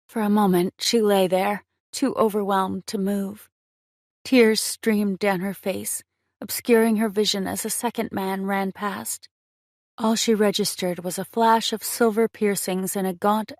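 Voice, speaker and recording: A woman narrating a romance audiobook in a measured, expressive reading on a close mic. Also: medium pitch, dry recording.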